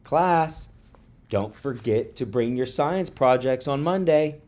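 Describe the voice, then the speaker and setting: A man's voice: medium pitch, lively intonation, slow, a little mellow, pitched above the performer's own voice. A man voicing a firm, kind woman schoolteacher speaking to her class. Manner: firm and clear.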